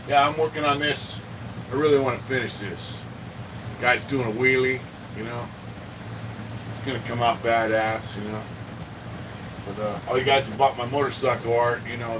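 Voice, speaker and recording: A man chatting on a livestream from his home art studio, cursing freely and greeting viewers by name. He sits back from the mic, and an air conditioner hums loudly behind him. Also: medium pitch, distant mic, background noise. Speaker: livestream host. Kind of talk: casual livestream chat.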